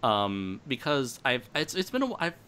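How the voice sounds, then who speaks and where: A man's voice: medium pitch, moderate pace, smooth. A man hosting a casual podcast, joking and laughing often with his guests. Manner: animated, laughs often, jokey. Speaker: podcast host.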